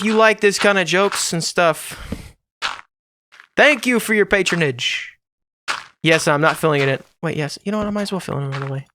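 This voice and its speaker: Guy chattering away while he builds in a game, kinda high bright voice, goofy jokes. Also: animated, moderate pace, a little hiss or hum. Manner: rambling, jokey, talks to himself. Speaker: gaming channel host. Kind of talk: casual building commentary while playing.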